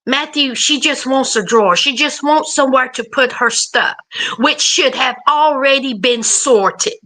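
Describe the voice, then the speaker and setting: A woman recaps a reality show in a casual, sassy way. Her very high voice is bright and sharp, and she talks slowly, drawing out her words. She scolds the people on screen as if they could hear her. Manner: sassy, animated, addresses people on screen directly.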